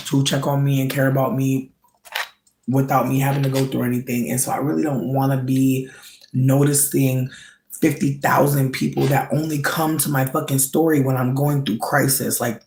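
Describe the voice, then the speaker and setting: Candid vlog rant, heavy cursing, gravelly tone, echoey room. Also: a little mellow, a little hiss or hum. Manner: angry, heavy swearing, pitch swings from low mutter to high strained outbursts. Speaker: vlogger.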